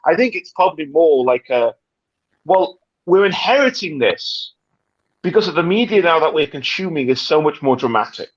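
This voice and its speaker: A British man in casual livestream chat, talking in an animated, dramatic, rambling way with many restarts. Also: on the high side, normal speed, dry recording, lo-fi sound. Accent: British English. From Britain. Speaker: livestream panelist.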